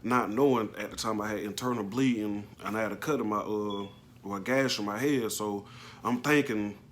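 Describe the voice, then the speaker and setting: A man casually recounting a personal story, halting and slangy, with plenty of emotion. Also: on the low side, slight background noise. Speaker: vlogger telling a personal story.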